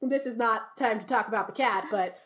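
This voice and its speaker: A woman's voice: fairly high pitch, a little fast, fairly bright tone. A young adult woman hosting a podcast, telling a story in casual chat and acting out quotes. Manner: storytelling, acts out quotes in voices. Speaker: podcast host.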